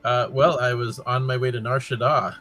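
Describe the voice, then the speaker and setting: A man playing in a tabletop game, halting and stammering with good humor. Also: mid-range voice, fairly even intonation, sharp tone, soft background music. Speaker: player. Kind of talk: casual chat.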